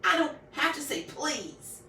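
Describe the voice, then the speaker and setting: A woman doing shrill bossy Little Red Riding Hood. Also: big pitch swings, a little slow, sharp tone, distant mic, a little hiss or hum, heavily acted. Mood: shrill, demanding. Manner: demanding, wailing, stomping tantrum. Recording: echoey room, voice off-mic.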